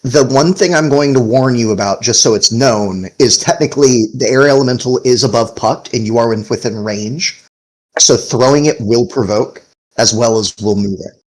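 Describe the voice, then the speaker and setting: A man's voice: medium pitch, moderate pace, a little mellow, rough recording. A young man acting as game master, casually narrating a tabletop game and laughing often.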